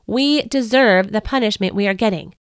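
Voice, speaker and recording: A woman's voice: medium pitch, measured pace, smooth, no room sound, lightly acted. Woman narrator giving repentant dying man, pleading, desperate, dry sound. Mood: earnest.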